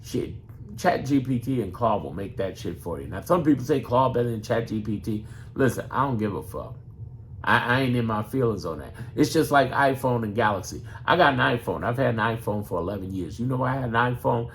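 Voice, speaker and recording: A man's voice: medium pitch, lively intonation, a little fast, fairly bright tone, slight background noise. Blunt, profane man giving pep talk. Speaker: gaming content creator. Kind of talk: casual motivational talk.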